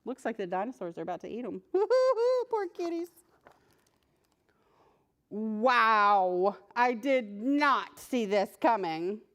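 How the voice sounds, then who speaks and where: A woman librarian reading a picture book aloud to preschoolers, playful and animated, talking to the characters and laughing often. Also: fairly high pitch, takes it slowly. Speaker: children's librarian.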